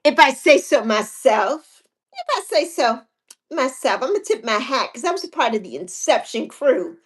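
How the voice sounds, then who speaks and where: A woman's voice: sits high, animated, moderate pace, slightly rough. A woman in her sixties hosting a casual livestream chat, chatty and repetitive, reading out viewer comments and laughing often. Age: 60s. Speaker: livestream host.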